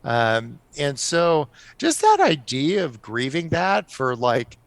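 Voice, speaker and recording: A middle-aged man telling stories on a podcast as a guest, animated and often laughing. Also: a little high, takes it slowly, no echo. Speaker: guest author. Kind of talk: casual storytelling on a podcast.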